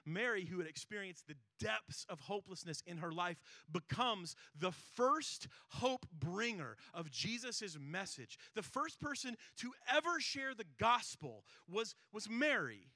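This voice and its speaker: A man's voice: high-pitched, sing-song, unhurried, hardly any pauses, sharp tone, no echo, clean studio sound. A man preaching an earnest, emphatic sermon, asking rhetorical questions and reading scripture aloud. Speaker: pastor.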